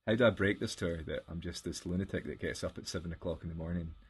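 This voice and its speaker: A man's voice: low voice, fast talker, husky. A man co-hosting a podcast, telling rambling stories with laughs in casual chat. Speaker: podcast co-host.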